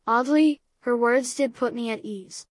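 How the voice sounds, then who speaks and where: A woman reads a first-person story aloud at a steady, even pace. Her voice sits a little high, and it is recorded close up with no room sound at all. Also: unhurried, no room sound. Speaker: audiobook reader.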